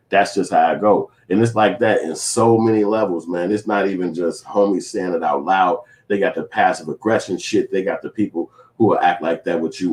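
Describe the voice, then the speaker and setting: Low-voiced man ranting loosely to viewers. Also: a little mellow. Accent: Chicago. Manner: profane, street slang, restless rambling. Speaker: vlogger. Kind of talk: casual commentary to viewers.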